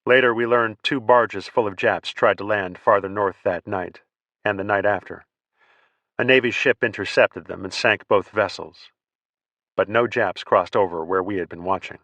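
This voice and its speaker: A man narrating a first-person war memoir audiobook in a measured, plainspoken way. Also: on the low side, fairly bright tone, no echo, muffled recording.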